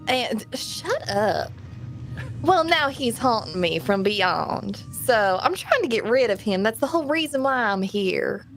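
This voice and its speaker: A woman's voice: a little high, sing-song, a little slow, a bit bright, faint music behind. A woman playing a tabletop game in character, sassy and playful. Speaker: player. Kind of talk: in-character tabletop role-play.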